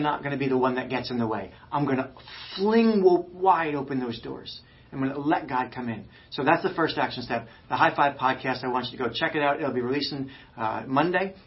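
A male pastor preaching a fired-up, emphatic sermon, swinging between loud urging and quiet, intimate stretches. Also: mid-range voice, lo-fi sound.

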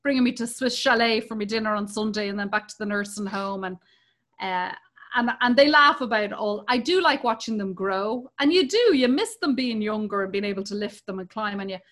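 An Irish woman in her forties, chatting casually and telling profane, lively stories about her kids. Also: mid-range voice, brisk. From Ireland. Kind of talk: casual chat.

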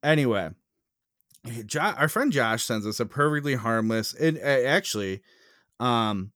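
A man's voice: medium pitch, expressive, a little slow, fairly bright tone, dry recording, clean studio sound. A young man co-hosting a podcast, telling stories with mock indignation and lots of teasing. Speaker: podcast co-host. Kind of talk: casual chat.

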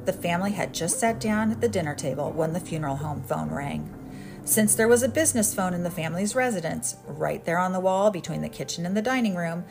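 A woman's voice: lowish voice, gravelly, darkish tone. A woman podcast host narrating a story in a dry, matter-of-fact way.

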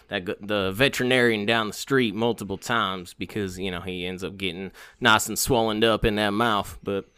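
A man's voice: lowish voice, bright, forceful tone, clear, resonant tone, no room sound. A man co-hosting a casual podcast, rambling in a folksy way with country sayings and lots of filler words. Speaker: podcast co-host. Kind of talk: casual podcast banter about fantasy football.

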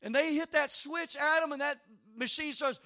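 A middle-aged pastor preaches a sermon, animatedly recounting a personal story and repeating his words often. His voice is very high-pitched and moves at a moderate pace.

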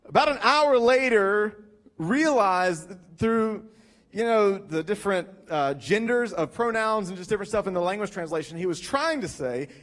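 High-voiced animated male pastor. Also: moderate pace. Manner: animated, joking storyteller. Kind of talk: sermon.

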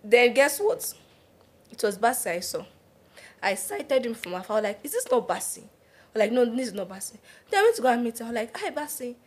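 A woman's voice: on the high side, fast talker, husky. Laughing Nigerian woman telling stories. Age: young adult. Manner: animated, laughing, slips into pidgin. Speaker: podcast co-host. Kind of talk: casual storytelling chat.

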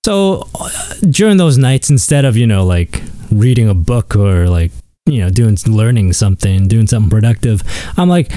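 A man's voice: mid-range voice, lively intonation, moderate pace, mellow, dry recording. A man hosting a podcast, delivering a crude, sarcastic, rambling comedic monologue. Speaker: podcast host.

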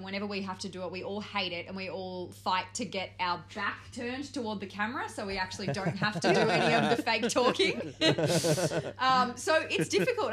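A woman's voice: mid-range voice, fairly bright tone. A woman guest on a podcast, chatting easily and explaining from her own experience. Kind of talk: casual chat.

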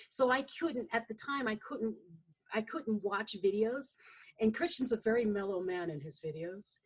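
A woman coach, on as a guest, chats casually and tells animated stories, acting out what other people said. Her voice is fairly high and slightly rough, and she speaks at a moderate pace.

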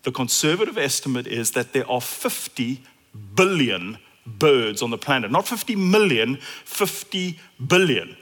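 A man with a South African accent preaching a sermon, animated and repeating phrases for emphasis. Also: medium pitch, a little slow. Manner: animated, acts out imagined dialogue in different voices.

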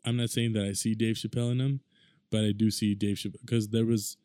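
A man's voice: on the low side, flat delivery, quick pace, dark tone, smooth, dry recording, studio quality. A young man in his twenties hosting a casual solo podcast, talking in a rambling, conversational way with lots of fillers. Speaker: podcast host.

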